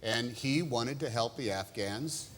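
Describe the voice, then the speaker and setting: A man's voice: medium pitch, unhurried, fairly bright tone. An American man in his fifties, a guest actor in a talk show interview, with a jokey, playful way of bantering and mock indignation. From United States.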